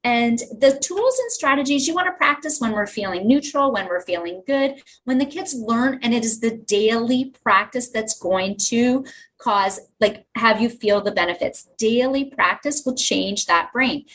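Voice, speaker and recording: A woman's voice: on the high side, normal speed, slight background noise, poor audio. A woman teacher, telling classroom stories with enthusiasm in a podcast interview. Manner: enthusiastic storytelling, lively asides. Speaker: teacher and guest.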